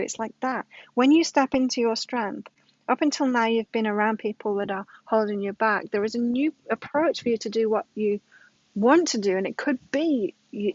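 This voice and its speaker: A middle-aged tarot reader with a voice on the high side and a little mellow gives a casual weekly reading, emphatic and repeating her points while telling stories to illustrate them. The audio is dull with no room sound.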